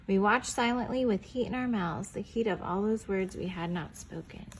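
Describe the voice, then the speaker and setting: A young woman reading a picture book aloud to preschoolers in a gentle storytelling voice, stopping to ask the children questions and dropping to a whisper on the quiet lines. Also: medium pitch, moderate pace, slight background noise, poor audio.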